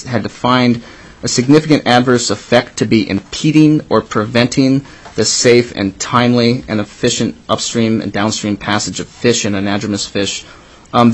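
A man's voice: fairly low pitch, rough recording. A man presenting bill revisions at a committee hearing, going section by section with many ums and restarts. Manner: methodical section-by-section walkthrough. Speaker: legislative staffer presenting bill changes.

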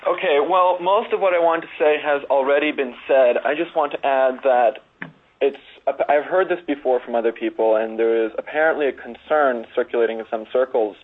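A man's voice: medium pitch, normal speed. A man giving frank, plain-spoken testimony at a legislative hearing. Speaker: public testifier. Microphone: telephone. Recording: tinny phone line.

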